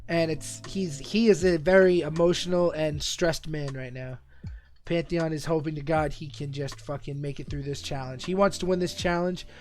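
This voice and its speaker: Streamer, young adult male, slightly high-pitched voice, excitable, swears a lot, faint music underneath. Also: moderate pace. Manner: excitable, profane, rambling banter with frequent laughs. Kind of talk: live stream reaction commentary.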